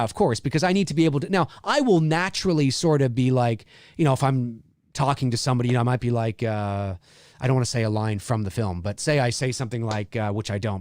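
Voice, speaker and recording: A man's voice: medium pitch, darkish tone, no echo, clean studio sound. A middle-aged man from Canada co-hosting a live commentary show, talking in a rambling way full of restarts. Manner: rambling, restarts with "you know". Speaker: podcast co-host.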